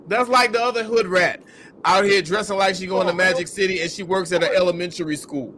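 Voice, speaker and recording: A man's voice: high voice, bright, forceful tone, slight background noise. A man hosting a podcast, ranting in heated, profane, incredulous commentary. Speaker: podcast host.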